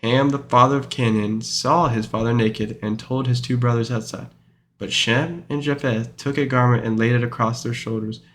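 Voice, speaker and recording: A man leading Bible study reads verses aloud, then talks through them in a meandering, informal style full of fillers and self-corrections. He has a mid-range, fairly bright voice with a steady tone and normal pace.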